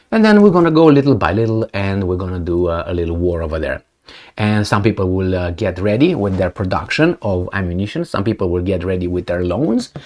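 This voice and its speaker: A man giving casual, sarcastic commentary on news clips, with many fillers and restarts. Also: lowish voice.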